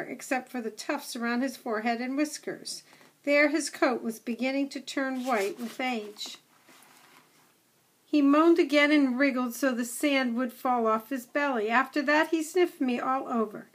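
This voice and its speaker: A woman reading a children's novel aloud in a measured storytelling manner. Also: sits high. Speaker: audiobook reader.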